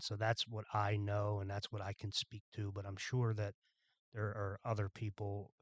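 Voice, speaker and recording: A man from Philadelphia with a low voice rants through a podcast monologue. He is irritated, blunt and profane. The sound is dry and close. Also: dry recording. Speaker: podcast host. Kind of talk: ranting monologue.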